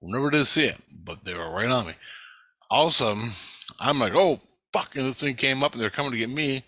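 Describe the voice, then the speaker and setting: A man's voice: mid-range voice, quick pace, pushed and bright. A man telling a personal story in a casual, rambling way, swearing a lot and restarting his sentences. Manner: rambling, profane, with frequent restarts. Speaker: vlogger recounting an astral travel experience.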